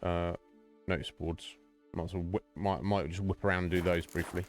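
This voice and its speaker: A man with a fairly low voice chats casually through a game stream, musing aloud and meandering between thoughts. Soft game music hums faintly behind him. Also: little pitch movement, normal speed. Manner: rambling, thinking aloud while playing. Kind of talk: casual let's-play commentary.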